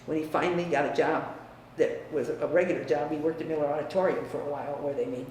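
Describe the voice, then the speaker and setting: A woman's voice: low-pitched, fairly even intonation, quick pace. Older woman in an echoey room. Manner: frank, emphatic, trails into quiet. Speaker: interviewee. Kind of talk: family reminiscence. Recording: echoey room, distant mic, faint hiss.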